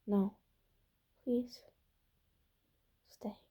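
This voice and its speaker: A woman reading the part of a frightened, tearful young woman who speaks in tiny, halting whispers. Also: highs cut off.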